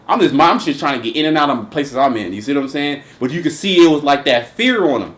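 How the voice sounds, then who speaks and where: Guy host going off in a loose chat, swears a lot, keeps restarting, voice sits a bit high. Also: lively intonation, fast talker, few pauses, fairly bright tone. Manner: emphatic, profane, rambling with many restarts. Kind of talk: casual religious commentary chat.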